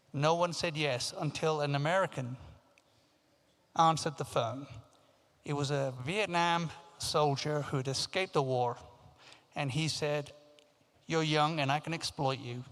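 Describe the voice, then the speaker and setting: A man in his fifties tells his life story at a conference, animated and anecdotal, slipping into the voices of the people he quotes. His voice sits a little high. The sound carries a long reverb from a large hall. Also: clear, resonant tone. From Africa, raised in England. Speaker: keynote speaker. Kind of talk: storytelling talk.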